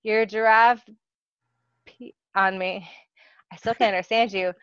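A woman's voice: mid-range voice, steady tone, normal speed, dry recording, natural voice. A fed-up young office worker grumbling through a strained voice, voiced by a woman. The sound is dry and slightly muffled. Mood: sulky. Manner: strained, mumbling complaints. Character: frustrated young male coworker. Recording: dull dry lo-fi recording.

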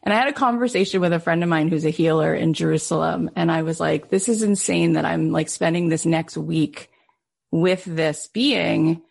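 A woman's voice: low voice, moderate pace, gravelly, slightly rough. A middle-aged woman podcast host telling an emotional personal story in an earnest, heartfelt way, full of casual fillers.

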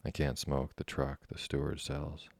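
A man's voice: extremely low pitch, monotone, unhurried, gravelly, a little mellow, no echo, studio quality, heavily acted. A man reading a cocky young American boy. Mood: brash. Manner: cocky, slangy bragging. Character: brash boastful American teenage boy.

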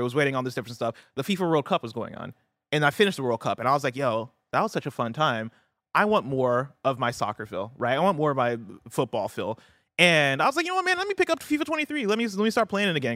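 A young man chatting fast on a podcast, with a middle-of-the-road pitch. He tells stories in an animated way, swears freely and keeps tagging his lines with "right?". The sound is dry and close. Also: no room sound. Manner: animated, swearing, quick storytelling with frequent "right?". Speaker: podcast co-host. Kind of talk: casual chat.

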